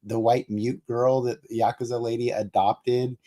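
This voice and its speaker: A man co-hosting a podcast, talking through a movie in a rambling, animated way with many restarts. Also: mid-range voice, moderate pace, a little hiss or hum. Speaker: podcast co-host. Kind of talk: casual movie discussion.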